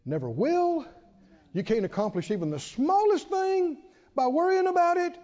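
A man preaching a sermon, emphatic, asking many rhetorical questions and pausing for effect. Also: very high-pitched, very animated, a little mellow. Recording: dull reverberant hall sound.

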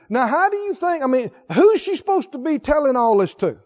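Male preacher, sermon, rhetorical questions, emphatic repetition; high, animated voice; dull lo-fi recording. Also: a little fast, few pauses.

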